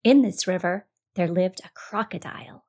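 A woman narrating a children's storybook, expressive and speaking straight to the young listener. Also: fairly low pitch, normal speed.

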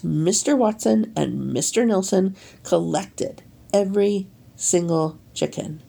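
A woman reading a children's storybook aloud, animated and deliberate. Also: medium pitch, vocal fry, breathy edge. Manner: animated, slow and deliberate, leaning into sound effects. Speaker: storybook reader. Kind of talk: expressive read-aloud storytelling.

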